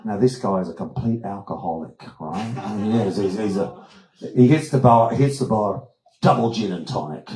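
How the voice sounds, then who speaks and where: An older Australian man with a fairly low voice is the guest speaker at a wellness retreat, giving an anecdotal presentation at a moderate pace. He's an animated storyteller who acts out voices, and the recording sounds roomy and echoey.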